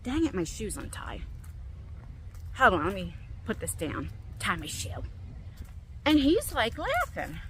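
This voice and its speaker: A middle-aged woman vlogging as she walks in a park, telling a story casually and acting out her own lines with big leaps in pitch, recorded on a phone. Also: a little slow, pauses often, a little hiss or hum. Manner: animated, quotes herself with big jumps in pitch. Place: outdoors in a park, walking. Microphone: phone on a selfie stick.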